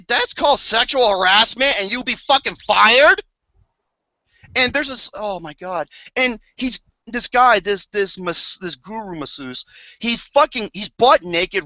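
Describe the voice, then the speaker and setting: A bright, forceful voice rants through a movie review, swearing often and breaking into mock-outraged outbursts. The audio is dull and lo-fi, recorded close and dry with no room sound. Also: mid-range voice, no room sound. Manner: profane, exasperated, theatrical outbursts. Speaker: podcast co-host reviewing a movie.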